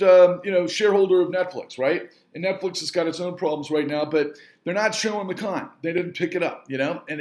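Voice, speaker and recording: A man's voice: high voice, echoey room. A man giving an angry, emphatic rant straight to his audience, repeating himself for force. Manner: angry, emphatic, repetitive, swearing mildly. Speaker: filmmaker and entrepreneur. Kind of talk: impassioned rant to camera.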